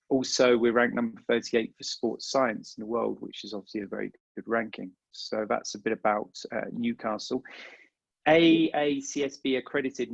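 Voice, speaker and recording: A man's voice: mid-range voice, vocal fry, no room sound. Englishman presenting over a dull video call. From England. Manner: chatty, repeats words, many filler ums and uhs. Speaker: university recruiter. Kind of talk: virtual info session presentation.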